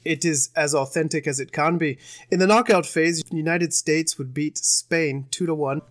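Young male podcast co-host, casual sports recap, jokey and rambling, slightly higher voice. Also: normal speed. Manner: joking, rambling, with put-on bits.

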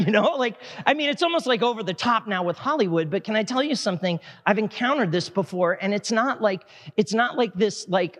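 Male preacher with a high voice, fervent yet chatty sermon delivery, echoing through a large reverberant church. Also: expressive. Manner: impassioned, conversational preaching with quick asides. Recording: long hall reverb.

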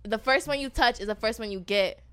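A woman's voice: a little high, a little fast, fairly bright tone, smooth. A young woman guest on a podcast, chatting casually, playful and dramatic. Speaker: podcast guest, makeup artist.

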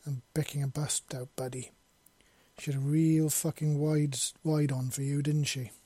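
A man's voice: fairly high pitch, flat delivery, moderate pace, mellow, no echo, close to an everyday voice. A man voicing a blunt, sardonic female robot who swears freely, in a fan fiction audiobook reading. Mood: wry. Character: sharp-tongued female robot, freed prisoner.

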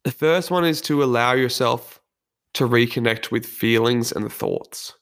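A man's voice: mid-range voice, unhurried. Earnest man giving a motivational talk. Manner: earnest, candid and reflective. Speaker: personal development speaker. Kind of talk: motivational monologue.

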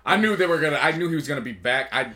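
A man co-hosting a podcast in casual chat, excitable, laughing and quoting people in voices. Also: fairly high pitch, very fast. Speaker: podcast co-host.

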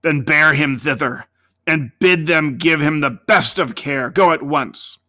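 Man doing a stern old master, commanding, loud, bright and forceful, dry sound. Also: fairly high pitch, unhurried, no echo. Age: older. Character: stern old male master, fierce then remorseful.

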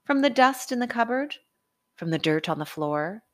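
Woman reading a poor, skeptical mother; pitched up and questioning. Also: sing-song, moderate pace. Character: doubtful poor mother of a boy.

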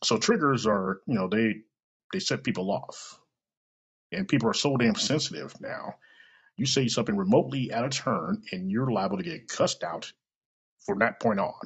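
Man, husky gravelly voice, lively swooping pitch, profane rambling podcast rant, dull lo-fi sound. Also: normal speed. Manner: profane, rambling, self-mocking. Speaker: podcast host. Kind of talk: solo podcast monologue. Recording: dull lo-fi recording.

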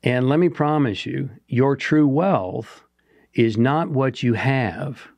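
A man's voice: mid-range voice, slow, a little mellow, no echo. A man co-hosting a motivational talk show, speaking earnestly and asking the listener rhetorical questions. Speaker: podcast co-host.

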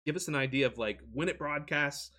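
A man's voice: a little high, brisk, pushed and bright. A man, a podcast host, joking and laughing in casual chat. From southeastern USA. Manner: enthusiastic, joking, laughs often.

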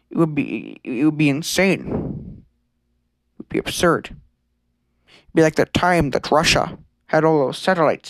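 A man's voice: fairly high pitch, no echo. A man hosting a comedic conspiracy podcast, rambling and stammering in a mock-serious way. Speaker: podcast host.

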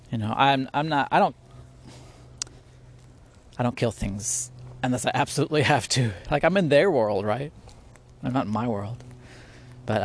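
Rambling in an unscripted way, a podcast host circles back on his words and bursts into laughter while discussing faith at home near spiders. His voice sits at an ordinary middle pitch, earnest and easygoing. A little hiss or hum can be heard.

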